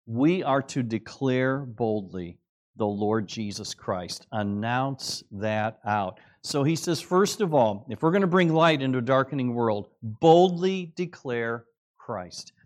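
A middle-aged male pastor delivers a sermon in an earnest, conversational way. His voice sits at an ordinary middle pitch. He drops into quiet asides, then builds to loud, emphatic exclamations. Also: lively intonation, slow pace. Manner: earnest preaching, dramatic swings between soft asides and raised exclamations.

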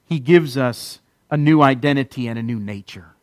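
A man preaching a sermon, emphatic, with repeated phrases and dramatic pauses. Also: mid-range voice, no echo. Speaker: pastor.

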